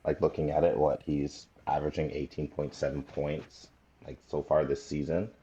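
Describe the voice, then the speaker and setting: Deep-voiced laid-back podcast co-host. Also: male voice, level tone, normal speed, dark tone, lo-fi sound. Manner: laid-back, laughs easily. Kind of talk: casual sports chat.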